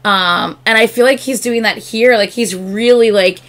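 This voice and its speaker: A woman hosting a reaction video, chatting casually and gushing excitedly with lots of fillers. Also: fairly high pitch, normal speed.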